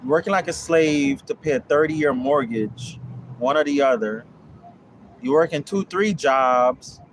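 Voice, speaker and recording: A man's voice: fairly high pitch, a little slow, a little hiss or hum. A young man who runs a land investing course, talking casually and bluntly on a livestream, swearing and repeating himself as he preaches. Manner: blunt, profane, repetitive preaching. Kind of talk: casual livestream talk answering viewers.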